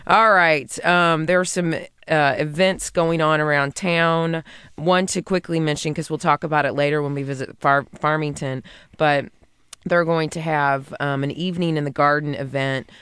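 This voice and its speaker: Woman co-host, a touch hoarse yet smooth, lively storyteller, dry studio sound. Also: sits low, normal speed, dry recording. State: a little hoarse. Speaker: radio garden show co-host. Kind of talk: casual chat.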